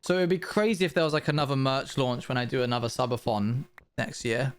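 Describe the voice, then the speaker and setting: A young British man streaming live, chatting casually and answering his viewers' questions in quick, upbeat bursts. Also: medium pitch, smooth. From Britain. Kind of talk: casual livestream chat with viewers.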